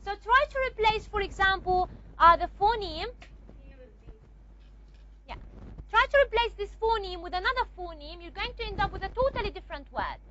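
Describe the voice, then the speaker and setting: A woman's voice: very high-pitched, lively intonation, moderate pace, pushed and bright, dull audio, a little hiss or hum. A woman teacher giving a classroom lecture, explaining step by step and often checking with the class.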